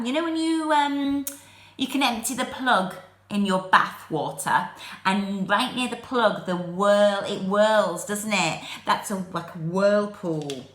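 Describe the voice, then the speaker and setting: A woman teaching phonics to young children, sounding out letters slowly and clearly, with an English accent. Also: mid-range voice, reverberant.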